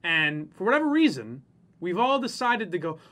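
A man with a high, bright voice that swoops up and down as he rants. He swears freely and slips into mocking voices to make his point in a loose, casual chat. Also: big pitch swings, normal speed. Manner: profane, ranting, mocks people in exaggerated voices. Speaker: podcast co-host.

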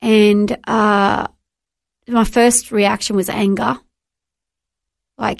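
A woman's voice: medium pitch, flat delivery, extremely slow, gravelly, pauses often, dry recording, clean studio sound. A middle-aged Australian woman sharing her personal faith testimony as an interview guest, earnest and emotional, often restarting her words.

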